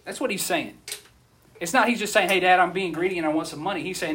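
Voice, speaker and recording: A man's voice: high-pitched, quick pace, slight background noise. A man, preaching a casual sermon and asking the audience questions as he goes. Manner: conversational, asks the audience questions, animated. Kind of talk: casual sermon to a youth group.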